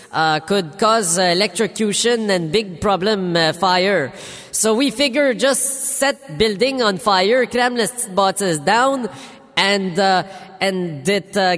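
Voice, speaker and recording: A man voicing a bumbling premier with a Quebec French accent, apologizing in halting, broken English full of fillers. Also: sits high, a bit bright, in a large hall. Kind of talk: comedy radio sketch.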